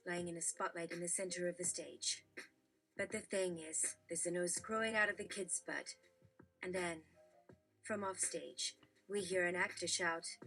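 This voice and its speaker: A woman reading generated jokes aloud on a live stream in an animated storytelling manner. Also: medium pitch.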